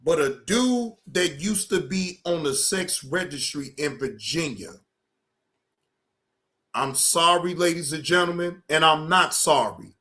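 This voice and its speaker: High, bright-voiced man ranting bluntly. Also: animated, measured pace. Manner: blunt, warning, repeats himself. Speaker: streamer. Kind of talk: heated stream rant.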